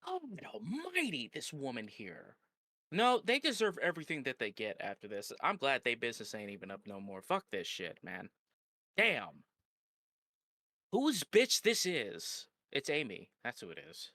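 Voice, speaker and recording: A man's voice: medium pitch, wildly swooping pitch, normal speed, pushed and bright, no room sound. A man reacting live on a stream, ranting in a heated, profane way.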